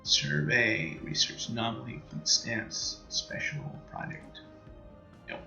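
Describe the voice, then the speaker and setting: A man's voice: mid-range voice, animated, takes it slowly, gravelly, bright, forceful tone, echoey room, muffled recording, faint music behind. A man with a Canadian accent commentating on his strategy game in a casual, rambling way, full of fillers and half-finished thoughts. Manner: thinks aloud, many fillers and trailing-off sentences. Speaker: let's play streamer.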